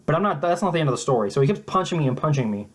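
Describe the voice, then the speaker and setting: A young man telling a mock-serious story in a halting, deadpan way, often restarting his sentences. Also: fairly high pitch. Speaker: vlogger.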